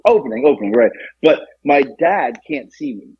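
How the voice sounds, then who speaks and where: Lively, husky-voiced man telling a story. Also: moderate pace, no echo. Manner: animated, acts out quotes with jumps in pitch. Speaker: podcast co-host. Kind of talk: casual storytelling. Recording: dull lo-fi, dry.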